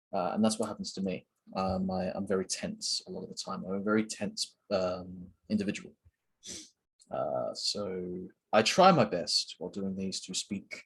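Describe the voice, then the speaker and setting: A man's voice: low-pitched, breathy edge. A young man hosting a casual solo chat while building, rambling and self-mocking with a sore throat. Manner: rambling, self-mocking, many fillers and restarts. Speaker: channel host.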